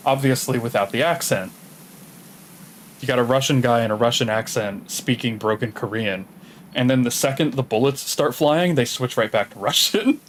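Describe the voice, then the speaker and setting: A man streaming a game, chatting in a relaxed, rambling way and swearing casually. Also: mid-range voice, moderate pace, slight background noise, low-quality recording. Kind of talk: casual chat while gaming.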